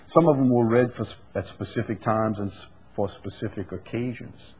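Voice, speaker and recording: A man preaching a Bible study sermon. He builds to loud, emphatic repetition and then drops back to quiet explaining. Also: on the low side, normal speed, slightly rough.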